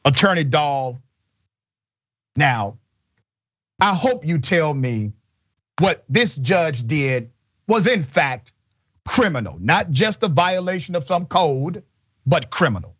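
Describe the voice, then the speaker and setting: A man's voice: on the high side, lively intonation, slow pace, long pauses, fairly bright tone, highs cut off. A man hosting a news commentary show, emphatic and indignant, speaking in short punchy sentences. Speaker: show host.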